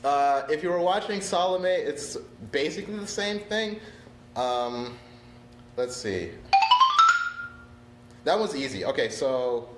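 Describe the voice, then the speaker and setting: A percussion instructor teaches on a casual livestream in a fairly high-pitched voice with a reverberant sound. He's chatty and laid-back, laughing often and apologizing freely.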